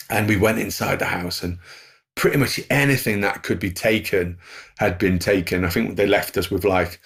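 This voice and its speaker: A man's voice: fairly low pitch, vocal fry, slightly rough. A middle-aged man, telling a story as a podcast guest and chuckling through it while acting out the voices of the people in it. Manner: chuckles through anecdotes, acts out quoted voices. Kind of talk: storytelling in conversation.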